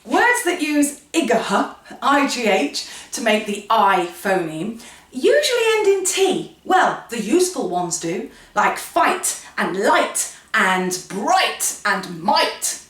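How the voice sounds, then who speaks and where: A woman with a slightly high voice speaks slowly, giving children an animated, playful phonics lesson where each letter's sound becomes a little story. The echoey room and distant mic leave her somewhat off-mic.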